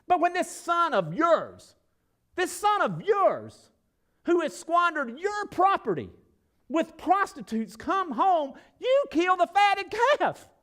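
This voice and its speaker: A resentful older brother, acted out by a male preacher, whining in a strained, raised voice. His complaint climbs higher and louder with grievance, and each word is dragged out for effect. It is a sermon re-enactment, loud and aggrieved. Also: full character voice. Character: resentful older brother, young man, bitter.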